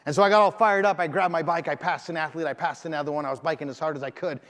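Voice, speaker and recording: A man's voice: fairly high pitch, steady tone, very fast, a bit bright. A man giving a motivational keynote, telling a story with emphasis and acting out the lines of the people in it. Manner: emphatic, acts out dialogue in the story. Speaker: keynote speaker. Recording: long hall reverb.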